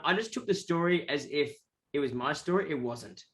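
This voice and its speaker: Australian male musician, animated storyteller, voice sits a touch high, casual interview guest. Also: fairly quick, faint music behind. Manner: animated, rambling, acts out quoted voices.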